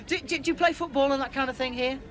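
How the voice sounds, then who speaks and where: A man presenting live from a beach, chatting excitably with children about their swaps. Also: very high voice, normal speed. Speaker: outside broadcast presenter. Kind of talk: lively live interviews on a beach. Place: outdoors on a crowded beach.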